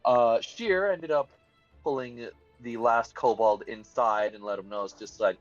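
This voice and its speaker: A man's voice: mid-range voice, unhurried, highs cut off, soft background music. A man casually recapping a tabletop game session, rambling with lots of fillers. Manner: rambling, hesitant with many fillers. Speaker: player giving session recap.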